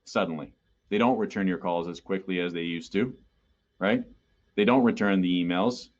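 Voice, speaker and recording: A man's voice: low voice, moderate pace, highs cut off. A man presenting a sales training webinar in a conversational way, often checking in with listeners. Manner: conversational, keeps checking in with "okay?".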